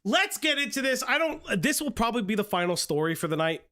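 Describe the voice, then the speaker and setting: Man, streamer commentary, high voice, profane, restarts, hoarse. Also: big pitch swings, fast, pushed and bright. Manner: casual, profane, restarts often. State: voice going hoarse. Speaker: streamer host. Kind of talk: live-stream drama commentary.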